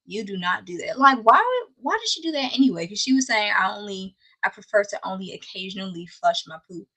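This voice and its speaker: A woman's voice: mid-range voice, expressive, a little fast, pushed and bright, low-quality recording. A woman hosting a casual anime recap, laughing often and playfully scolding the characters. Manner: exasperated, scolding asides.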